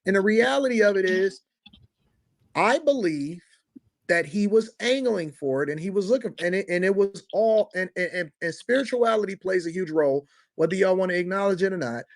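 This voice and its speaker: A man in a heated debate who argues forcefully, interrupts, swears and repeats himself. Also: high voice, expressive, normal speed, no room sound, studio quality. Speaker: panel speaker.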